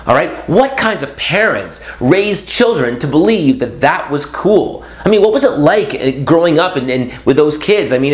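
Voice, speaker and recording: A man speaking as a motivational speaker in a vlog, sarcastic and jokey, breaking into sudden loud high bursts. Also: echoey room. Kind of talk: animated vlog monologue.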